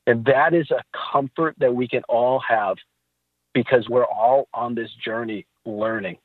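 Male podcast guest, animated faith storyteller, slightly husky, on a tinny phone-like line. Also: mid-range voice, unhurried, dry recording. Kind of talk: casual faith talk.

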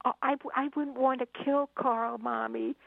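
A woman putting on a sweet, earnest five-year-old boy with a raised, soft voice. His childlike tone carries a gravelly edge. The sound comes through a tinny, phone-like line. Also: high voice, fairly even intonation, moderate pace, no echo, pitched above the performer's own voice, full character voice.

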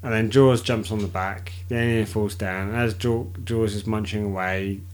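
A man's voice: fairly low pitch, steady tone, moderate pace. A man in casual podcast chat, rambling with loose swearing and frequent laughs.

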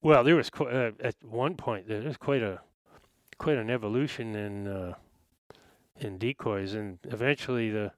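An older man as an interview guest, recalling the past in a halting, thoughtful way with many fillers. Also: on the low side, no room sound, studio quality. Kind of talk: casual interview chat.

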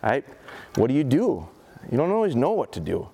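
Male dog trainer, live seminar demo; animated pitch, plain talk, lots of "come on, good boy" coaxing. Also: normal speed, gravelly, breathy edge. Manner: coaxes a dog with short repeated commands and praise; talks plainly to the audience with rhetorical questions. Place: event seminar in front of an audience.

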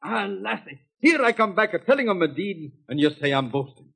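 An actor playing a boastful, roguish outlaw in an old-time radio drama, with a husky, boisterous voice. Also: male voice, high-pitched, very animated, a little fast, a bit bright, heavily acted. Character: boastful roguish Scottish outlaw, laughing and swaggering.

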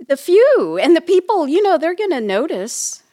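A woman co-hosting a podcast, chatting excitedly, laughing, and asking lots of questions. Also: very high-pitched, normal speed. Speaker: podcast co-host, medium. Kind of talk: casual chat.

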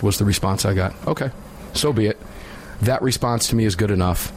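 Male talk radio host, low register, sarcastic, casual banter. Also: fairly quick. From United States. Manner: opinionated, sarcastic, laughs while mocking.

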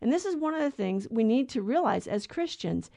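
A woman's voice: fairly high pitch, sing-song, a little fast, vocal fry, dark tone, no echo, studio quality. A woman co-hosting a Catholic talk show, teaching in an earnest, storytelling way. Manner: earnest storyteller who acts out quoted voices. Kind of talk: conversational faith teaching.

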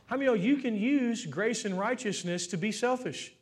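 High-voiced man preaching a sermon. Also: animated, brisk, hardly any pauses, husky. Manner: emotional, swinging from fervent to soft and tearful. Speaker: pastor. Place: church stage with congregation.

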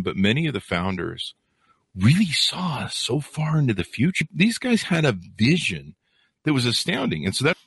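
A man hosting a podcast, rambling through animated asides and jumping his voice up when he mocks someone. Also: lowish voice, slightly rough, no echo. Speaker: podcast host. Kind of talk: casual chat.

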